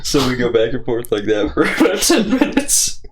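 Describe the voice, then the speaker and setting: A young man co-hosting a podcast, telling a story in a casual, profane and animated way. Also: mid-range voice, normal speed, noisy background. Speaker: podcast co-host.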